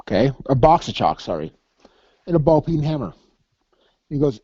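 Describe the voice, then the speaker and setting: A man's voice: medium pitch, very animated, moderate pace, mellow, slightly rough, dry recording, highs cut off. A man co-hosting a podcast, telling crude, laughing, profanity-laced army stories in casual chat. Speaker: podcast co-host. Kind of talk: casual storytelling.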